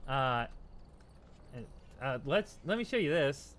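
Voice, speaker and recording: A man's voice: medium pitch, very animated, takes it slowly, fairly bright tone, slight background noise. A tipsy man streaming a game, rambling casually, laughing and thanking his chat.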